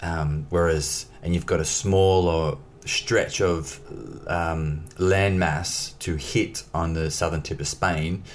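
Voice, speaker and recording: A man telling a personal story as an interview guest, in a lively way, acting out the dialogue. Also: low-pitched, takes it slowly, hardly any pauses, slight background noise. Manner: lively, acts out dialogue in his stories. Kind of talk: casual storytelling.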